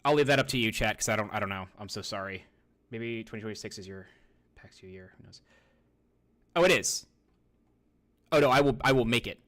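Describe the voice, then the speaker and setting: Bright-voiced rambling male streamer. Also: on the low side, a little fast, pauses often. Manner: rambling, profane, talks to himself while browsing. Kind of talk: casual live-stream chat.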